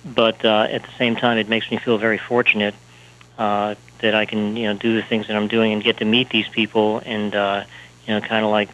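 A male author talking in an interview, halting and full of fillers and restarts. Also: lowish voice, flat delivery, a bit bright, a little hiss or hum, rough recording. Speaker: author and speaker, guest. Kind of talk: interview talk.

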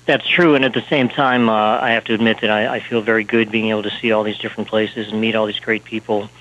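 A male author talking in an interview, halting and full of fillers and restarts. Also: on the low side, flat delivery, a bit bright, highs cut off, slight background noise. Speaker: author and speaker, guest. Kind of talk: interview talk.

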